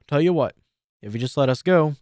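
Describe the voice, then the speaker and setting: A man's voice: on the high side, animated, warm tone, no echo, clean studio sound. A man voicing a brash young male pegasus soldier on the run, talking cocky and defiant. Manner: cocky, defiant, quick-tongued.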